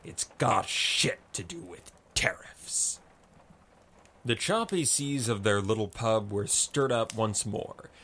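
A man narrating a story in a slow, expressive reading. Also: fairly low pitch.

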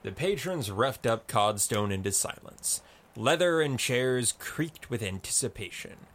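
Male narrator, slow, animated, gravelly storybook voice. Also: medium pitch. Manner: slow, expressive reading.

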